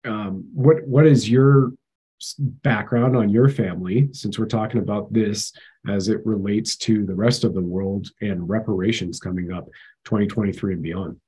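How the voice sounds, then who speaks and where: Male host, husky tone, loose digressive talker. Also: fairly low pitch, steady tone, moderate pace, mellow, low-quality recording. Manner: rambling, digressive history talk. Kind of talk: casual interview chat.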